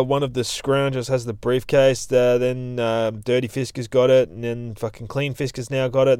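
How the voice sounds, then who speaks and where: A man's voice: mid-range voice, clear, resonant tone, no echo. Profane rambling man recapping comics. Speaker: comic review host.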